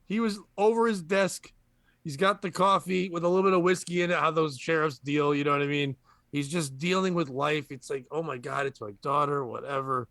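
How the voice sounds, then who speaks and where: Guy with a high sharp voice riffing crude jokes, dry close sound. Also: steady tone, a little fast, no echo. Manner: crude, joking, laughs often. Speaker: podcast host. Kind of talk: casual comedy banter.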